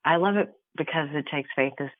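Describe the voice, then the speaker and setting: A woman guest, an author, recounts stories with lively energy and quick laughter. Her voice comes through a narrow, phone-like line. The sound is dry, with no room echo. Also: low-pitched. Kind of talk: casual interview chat.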